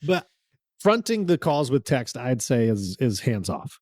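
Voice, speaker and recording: A man's voice: medium pitch, very animated, a little slow, darkish tone, no echo, clean studio sound. A man co-hosting a podcast in casual chat, giving his opinions plainly and laughing easily. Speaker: podcast co-host.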